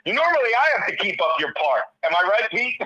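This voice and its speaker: A high, bright man's voice that teases and ribs the others. He chats casually as a caller. The sound is dull and muffled, like a phone line. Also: big pitch swings, fast. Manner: teasing. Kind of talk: casual chat over the phone.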